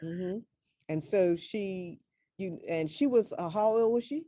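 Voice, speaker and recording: A woman host asking interview questions, prompting her guest in a halting way. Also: lowish voice, dark tone, no echo, clean studio sound.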